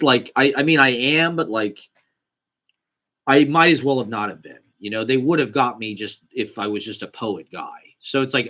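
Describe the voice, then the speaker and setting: A man's voice: lowish voice, a bit bright. A young man telling a casual, rambling, profane, self-deprecating story about a small acting job. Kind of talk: casual monologue.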